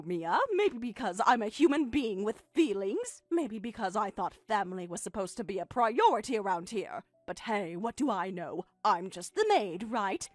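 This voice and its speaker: A woman's voice: medium pitch, no echo. A synthetic female text-to-speech voice reading a hurt, sarcastic middle-aged mother in a text-message story.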